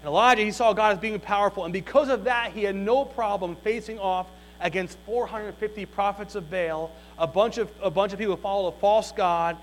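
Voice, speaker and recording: A male pastor preaching a sermon, reading scripture and retelling the story in a folksy, animated way. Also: high voice, brisk, hardly any pauses, rough recording.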